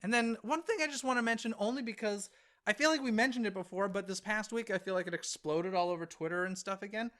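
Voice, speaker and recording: A man co-hosting a podcast in casual chat, chatty and excitable, with frequent laughs and quick asides. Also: sits high. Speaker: podcast co-host.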